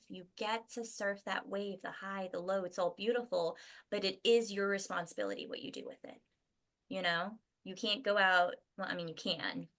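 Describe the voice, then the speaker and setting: Woman guest chatting casually, gentle and warm-hearted encouragement, laughs easily. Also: mid-range voice. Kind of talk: casual chat.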